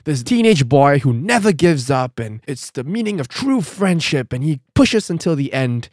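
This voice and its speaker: Reading a comic aloud on a podcast he co-hosts, a man with a fairly high voice chats casually, reacting with playful, animated energy and laughing easily. There's no echo.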